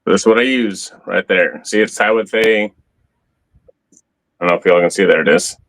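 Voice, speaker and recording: Man, host of a casual fishing talk show, easygoing, low register. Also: moderate pace, a bit bright, poor audio. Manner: laid-back, swears casually, shows gear on camera. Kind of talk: casual fishing livestream chat.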